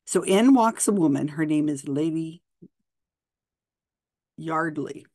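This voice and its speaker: A woman's voice: low-pitched, animated, takes it slowly, mellow, no room sound, clean studio sound. A woman host, explaining a story in a casual way and reading passages aloud with quoted dialogue. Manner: chatty, reads passages with quoted dialogue, frequent restarts.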